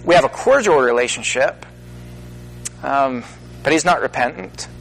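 A middle-aged minister speaking earnestly to an audience, with halting pauses that build into emphatic stresses. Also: male voice, mid-range voice, animated, creaky, a bit bright, a little hiss or hum, poor audio. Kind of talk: personal testimony talk to an audience.

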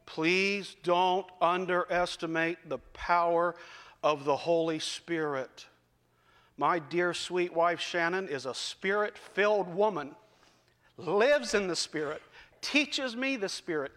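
A man delivers a sermon in a folksy, conversational way, slowing down to stress a point. His voice sits high and sounds bright. Long reverb from the hall trails behind his words. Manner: folksy, conversational, varies pace for emphasis. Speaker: preacher. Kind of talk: sermon with storytelling.

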